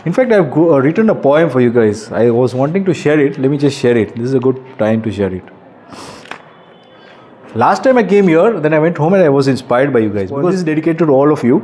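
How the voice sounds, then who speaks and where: A man's voice: medium pitch, sing-song, brisk, a little mellow, a little hiss or hum. A man in his forties with an Indian accent, speaking earnestly to students at a school workshop and often putting questions to them. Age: 40s. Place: school classroom.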